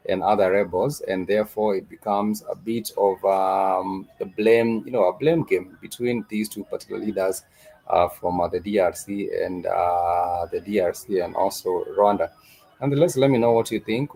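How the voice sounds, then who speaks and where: A man hosting a live stream, talking through news and then teaching a language lesson, with frequent filler "uh"s and slow, repetitive explanations. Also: low voice, vocal fry, dark tone, husky, rough recording. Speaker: host and Swahili teacher.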